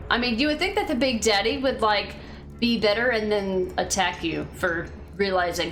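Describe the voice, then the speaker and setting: A woman's voice: medium pitch, unhurried, a bit bright, soft background music. A woman streamer in casual gaming commentary, chatty and laughing at what she sees. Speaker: game streamer.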